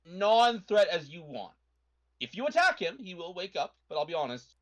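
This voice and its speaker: A man running a tabletop game as game master, making rulings briskly and chuckling often, on a live stream. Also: sits high, sing-song, highs cut off, a crowd in the background. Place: home setup, online stream.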